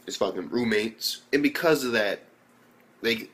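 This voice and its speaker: A man's voice: medium pitch, measured pace, a bit bright. A young man casually reviewing an anime episode, rambling loosely with lots of fillers and swearing.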